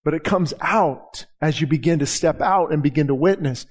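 A man's voice: on the high side, moderate pace. A middle-aged man, a pastor giving a conversational sermon and acting out the dialogue in his stories. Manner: conversational preaching, acts out dialogue in anecdotes.

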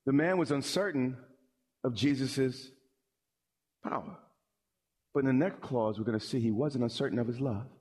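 A male pastor delivering a sermon in an animated way, repeating words when he presses a point. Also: mid-range voice, moderate pace, pauses often, breathy edge.

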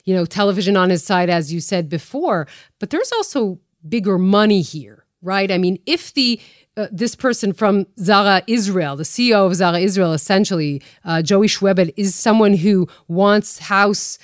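A woman's voice: mid-range voice, lively intonation, moderate pace, dry recording, clean studio sound. A woman journalist co-hosting a news podcast, explaining events in an emphatic, conversational way.

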